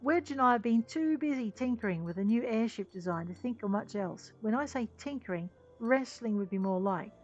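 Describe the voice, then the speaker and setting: A woman voicing a gruff, eager male airship engineer in a game, speaking in a hearty, blustering manner. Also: fairly high pitch, animated, moderate pace, hardly any pauses, lo-fi sound, faint music behind, pitched above the performer's own voice, natural voice. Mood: enthusiastic.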